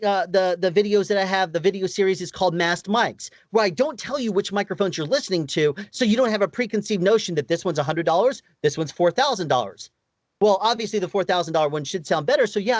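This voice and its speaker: A man with a higher-pitched voice giving practical audio advice as an interview guest, explaining step by step and asking rhetorical questions. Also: no room sound.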